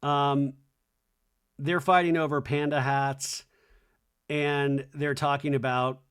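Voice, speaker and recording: A man's voice: mid-range voice, flat delivery, slow, a bit bright, clean tone. A man hosting a comedy podcast, recapping a reality show in a campy, sarcastic way and acting out the cast's lines. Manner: campy, sarcastic, voices cast members in quotes. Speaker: podcast host.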